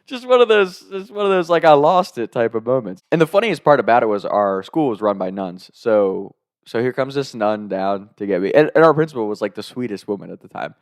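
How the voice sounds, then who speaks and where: A young man telling a story from his school days in a casual, animated way, acting out what people said, with sudden loud outbursts. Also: fairly low pitch, a little fast, no echo, clean studio sound.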